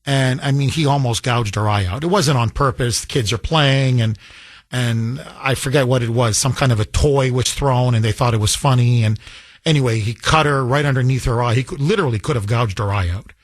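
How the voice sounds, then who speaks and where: A man's voice: medium pitch, brisk, dry recording, clean studio sound. A middle-aged man hosting a talk radio show, telling a personal story in casual chat and acting out the voices he quotes, with frequent restarts.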